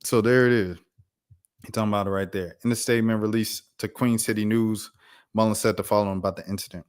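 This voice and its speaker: A young man hosting a sports commentary channel, reading news articles aloud and breaking off into animated, incredulous rants full of slang. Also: on the low side, fast, clean tone.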